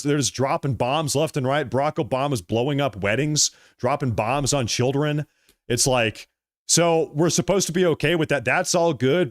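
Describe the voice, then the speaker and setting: A man hosting a political livestream, reading viewer comments aloud and answering them in an emphatic, repetitive way. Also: on the high side. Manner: emphatic, repeats phrases, thanks viewers by name.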